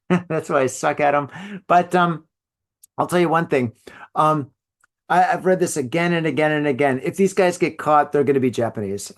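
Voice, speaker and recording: A middle-aged man talks through a solo podcast episode in a loose, rambling way, full of likes and you-knows. His voice sits on the high side for a man, and he often laughs at his own jokes. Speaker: podcast host. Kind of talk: solo podcast casual chat.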